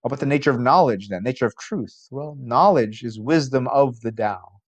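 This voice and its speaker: A man's voice: medium pitch, normal speed. Conversational male philosophy professor. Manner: conversational, asks rhetorical questions. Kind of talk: college lecture.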